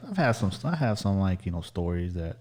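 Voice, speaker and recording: A man's voice: low-pitched, sing-song, a little fast, a little mellow. A man hosting a podcast, chatting casually and telling a story with many restarts. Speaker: podcast host. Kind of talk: casual chat.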